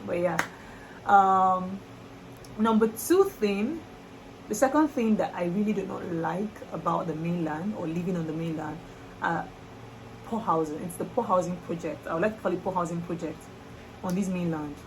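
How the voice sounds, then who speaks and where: Young Nigerian woman vlogger, animated and expressive, light background noise. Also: lowish voice, moderate pace, rough recording. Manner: lively, exclamatory, laughing. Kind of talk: casual chat to camera.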